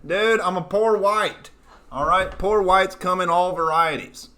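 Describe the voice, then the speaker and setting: Okie guy hosting his stream, bright slightly high voice, sarcastic, swears a lot. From Oklahoma. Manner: sarcastic, self-mocking, swearing freely. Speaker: comedian and show host. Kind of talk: casual livestream commentary. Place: home studio apartment.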